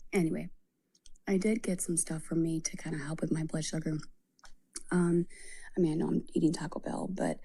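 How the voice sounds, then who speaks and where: A woman's voice: lowish voice, dark tone, slightly rough. A woman streamer in casual, rambling live-stream chat. She swears freely and often drops to a whisper.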